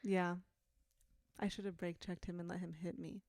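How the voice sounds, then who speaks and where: A young woman co-hosting a podcast in casual chat, playful and quick to tease and laugh. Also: fairly low pitch, flat delivery, a little mellow, no echo, studio quality. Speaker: podcast co-host.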